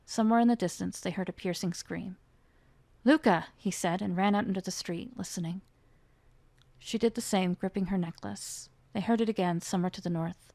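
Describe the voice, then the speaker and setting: A woman reads a chapter of her own dark fantasy novel aloud, her voice carrying a gravelly creak. She pushes her voice up for the characters' lines. The sound is dry and close, with no room around it. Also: medium pitch, brisk, no echo. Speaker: author reading her own book. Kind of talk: dramatic fiction reading.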